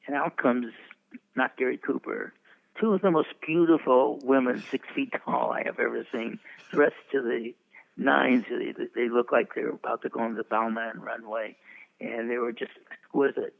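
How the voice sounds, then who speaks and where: An older man in his eighties spins long, wandering show-business stories and keeps chuckling as he goes. His voice is deeply gravelly and full of fry. It reaches the listener through a thin, phone-like channel. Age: 80s. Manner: chuckling, rambling storyteller. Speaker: veteran publicist guest. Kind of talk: anecdotal interview storytelling. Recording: tinny phone-like line.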